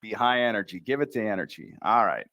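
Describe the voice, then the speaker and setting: An American-accented man with a lowish voice and a sharp tone teaches pronunciation over a livestream, sounding expressive. He works through words slowly, one syllable at a time, sprinkling in upbeat remarks.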